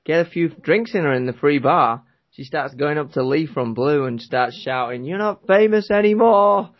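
A man's voice: mid-range voice, steady tone, moderate pace. A young man co-hosting a podcast in casual chat, telling stories in a laid-back way and laughing often. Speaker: podcast co-host.

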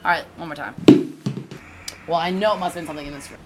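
Chatty woman podcast co-host. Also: lowish voice. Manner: teasing, lively, quick laughs. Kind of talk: casual chat. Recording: faint background noise.

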